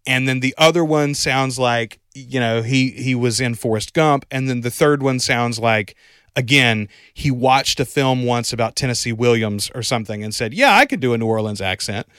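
A man co-hosting a podcast chats about a movie in a casual review, rambling wryly and often correcting himself. His mid-range voice moves at a moderate pace with fairly even intonation and a fairly bright, clear, resonant tone. The recording is studio quality with no room sound.

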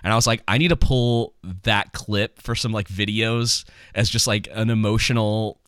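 Male podcast co-host, low-pitched, relaxed rambling chat, lots of fillers. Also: normal speed, dry recording, studio quality. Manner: rambling, many ums and restarts, jokey. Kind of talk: casual chat about movies.

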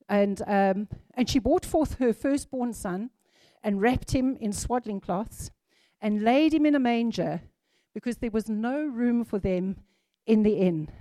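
A woman preaching a sermon to a congregation, reading scripture aloud and repeating key phrases with lively emphasis. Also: a little high, no echo, studio quality.

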